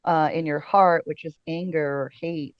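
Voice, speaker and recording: A woman's voice: low voice, steady tone, moderate pace, clean tone, no echo. Woman, podcast guest, casting director, chatty, storytelling, filler-heavy, laughs often, dry slightly dull audio. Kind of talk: casual interview chat.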